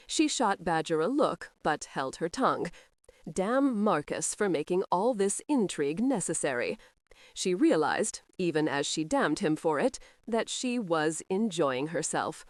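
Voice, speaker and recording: Lady reading a romance audiobook, low voice, really animated, dry close mic. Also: unhurried, dry recording. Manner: lively, character-voicing reading. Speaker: audiobook narrator.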